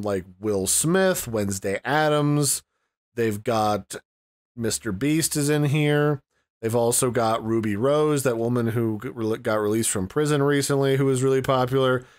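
A man hosting a casual tutorial, explaining in a rambling, conversational way and thinking aloud as he goes. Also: mid-range voice. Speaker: tutorial host. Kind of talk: casual screen-recorded tutorial.

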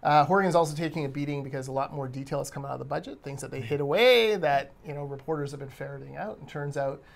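A man's voice: fairly high pitch, fast, gravelly. A man co-hosting a casual discussion podcast, giving pointed, conversational commentary. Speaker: podcast co-host.

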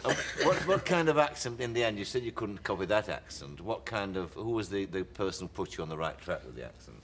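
Brisk male talk show host. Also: sits low, sing-song. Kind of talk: TV interview and show wrap-up. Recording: noisy studio with loud audience.

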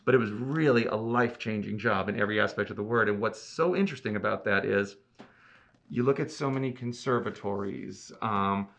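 Bright-voiced flamboyant storyteller, a man. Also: on the low side, fairly quick, creaky. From Cape Cod, Massachusetts. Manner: flamboyant storyteller, acts out quotes with big swings. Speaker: guest, theatre producer. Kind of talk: animated anecdote telling.

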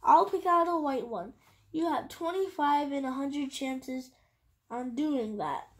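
A woman's voice: sits high, a little slow. A woman reading as an earnest young boy. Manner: earnest, explaining.

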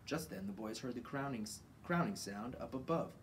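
Relaxed male story reader, mid-pitch, garage workshop, faint background hum. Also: moderate pace, far from the mic. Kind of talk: reading a children's book aloud.

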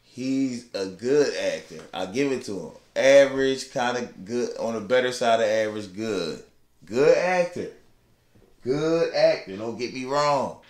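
A man's voice: medium pitch, animated, measured pace, a little mellow. A man co-hosting a podcast in casual chat, laid-back and slangy, drawing out his emphasis. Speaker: podcast co-host. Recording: roomy echo.

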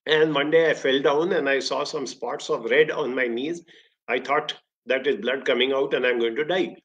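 A man with an Indian English accent, speaking at a medium pitch as a career counselor giving a motivational talk. He tells his stories expressively, his voice jumping up in pitch and volume and then dropping back. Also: normal speed, dull audio. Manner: expressive storytelling with sudden rises in pitch and volume.

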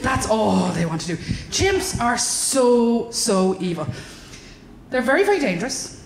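Irish female stand-up, fairly high, sweary and animated, live in an echoey room. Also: a little slow, creaky, a little hiss or hum. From Ireland. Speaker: stand-up comedian. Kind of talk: stand-up comedy. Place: comedy club stage. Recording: roomy live venue.

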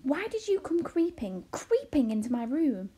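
A woman's voice: a little high, lively intonation, moderate pace, mellow, slightly rough. A woman reading aloud, voicing a blunt, wary young boy with plain, matter-of-fact replies.

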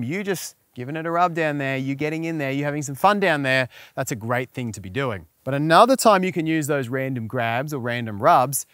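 A man's voice: fairly high pitch, a bit bright, no echo. Frank man giving dating advice. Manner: frank, coaching, checks in with "right?". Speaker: relationship advice host. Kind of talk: direct-to-camera advice vlog.

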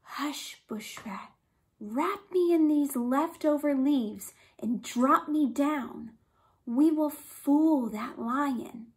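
A woman's voice: high voice, extremely slow. Woman doing a sly whispering rabbit. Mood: hushed. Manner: hushed whispering. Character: clever female rabbit, sly trickster.

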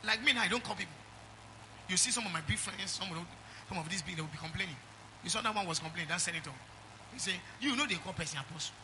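A middle-aged pastor with a Nigerian accent preaches in church at a racing pace, his high voice full of lively intonation over a noisy background. He calls out to the congregation, swinging from loud exhortation to quiet asides.

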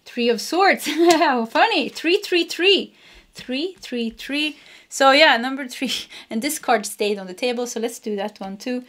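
Woman, tarot reader, chatty, laughs a lot, slightly high voice. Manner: chatty, laughs often, repeats phrases. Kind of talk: casual pick-a-card tarot reading.

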